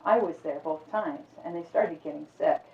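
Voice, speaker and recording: A woman voicing a troubled young man who talks in a subdued, halting way. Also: low voice. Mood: earnest. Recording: echoey, distant, phone-like sound.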